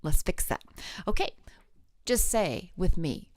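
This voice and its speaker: A woman coaching singers in a live online lesson, her speaking voice ranging widely in pitch. She sounds close and dry, with no room around her. She encourages viewers warmly and talks them through each exercise. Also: sing-song, slow, no room sound. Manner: demonstrates vocal exercises, sings and slides between notes; encouraging, addresses viewers directly. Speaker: voice teacher.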